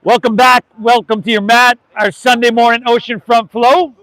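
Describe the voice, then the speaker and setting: A man with an American accent leading a live outdoor yoga class, relaxed and encouraging, calling the students "y'all". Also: very high voice, moderate pace, no echo, poor audio. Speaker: yoga instructor.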